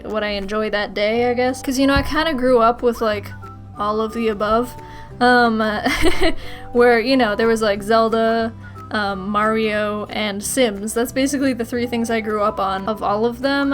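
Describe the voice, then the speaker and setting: A young woman with a fairly high voice chats through viewer questions in a loose, rambling way. She breaks into giggles often, and faint music plays underneath. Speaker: YouTuber. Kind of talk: casual Q&A vlog.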